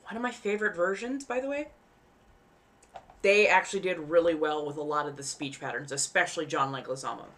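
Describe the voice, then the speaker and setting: A woman's voice: sits low, fairly quick, fairly bright tone. A woman hosting a live stream in casual chat, rambling easily and enunciating carefully around costume fangs. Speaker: livestream host.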